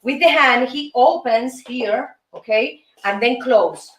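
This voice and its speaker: A Cuban woman with a Cuban Spanish accent and a highish, fairly bright, slow voice hosts and teaches salsa steps. She counts the beats aloud in an upbeat, coaxing way. A distant mic gives a roomy sound, with music playing.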